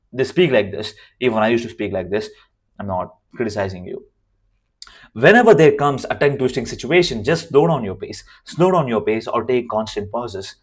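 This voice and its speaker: A man with a worn, hoarse voice giving an unscripted to-camera lesson as a communication coach, emphatic and repeating his key phrases. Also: medium pitch.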